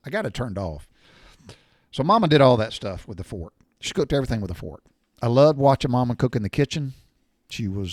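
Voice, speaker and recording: A man's voice: mid-range voice, no room sound, clean studio sound. An older man, telling rambling, folksy home stories with mild cussing. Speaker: storyteller sharing memories. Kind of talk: casual storytelling monologue.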